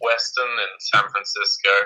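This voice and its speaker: Guy with a really bright lowish voice, stumbles and restarts a lot, casual chat. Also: steady tone, normal speed, low-quality recording. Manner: hesitant, stammering restarts, laughs easily. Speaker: coaching client. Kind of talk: casual conversation.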